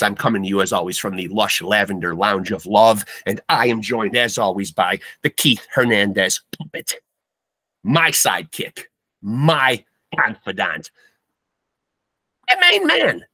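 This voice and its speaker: A man's voice: on the low side, bright, forceful tone, slightly rough, no echo. A man hosting a comedic podcast with hammy, bombastic showman patter. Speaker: podcast host.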